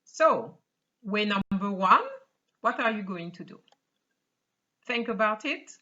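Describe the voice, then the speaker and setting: Slow, bright-voiced woman teaching a language. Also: medium pitch, animated, lo-fi sound. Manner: slow, careful, repeats and quizzes the viewer. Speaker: French teacher. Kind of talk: online language lesson.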